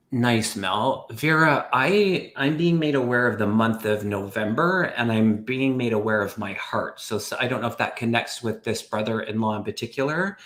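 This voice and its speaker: A man who is a guest medium on a live stream, talking haltingly with many fillers and easy laughter. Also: medium pitch, fairly bright tone. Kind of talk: casual live-stream chat.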